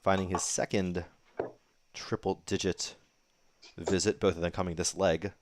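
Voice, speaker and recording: A man doing live darts commentary, getting excited on big throws. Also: low voice, a little slow, slight background noise. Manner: excitable, rises sharply on big moments.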